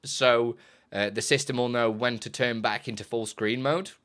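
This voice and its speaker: A man's voice: medium pitch, steady tone, normal speed, fairly bright tone. A man chatting casually on a live stream, rambling and correcting himself as he explains his setup, often laughing.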